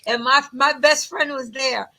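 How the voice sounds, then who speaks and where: A woman who announces wrestling, chatting in an interview and telling animated stories with plenty of laughter. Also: sits high, measured pace, low-quality recording. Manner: animated, laughs often, acts out quotes. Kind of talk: casual interview storytelling.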